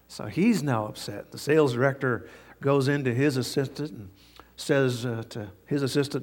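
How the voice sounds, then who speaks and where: A man's voice: mid-range voice, normal speed. Folksy man preaching in an echoing hall. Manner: folksy storytelling with frequent fillers. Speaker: pastor. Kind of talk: sermon.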